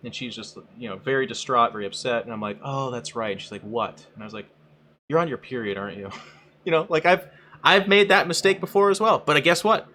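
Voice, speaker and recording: A man hosting a casual chat, animated, often mimicking others in quoted voices. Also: medium pitch, brisk, a little hiss or hum. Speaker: host.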